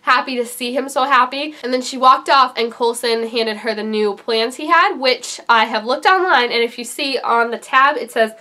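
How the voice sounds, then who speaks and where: A young adult woman giving an excited, gushing recap of a TV episode, her voice leaping up for emphasis. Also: moderate pace, few pauses. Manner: animated and gushing, jumps high for emphasis. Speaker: TV reaction vlogger.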